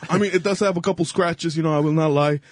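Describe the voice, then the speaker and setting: Young man, odd accent, high-pitched, dry close mic, rambling, laughing, swearing, radio guest. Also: steady tone, fast, dry recording. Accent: unusual accent, hosts call it weird. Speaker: studio guest. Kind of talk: casual radio banter.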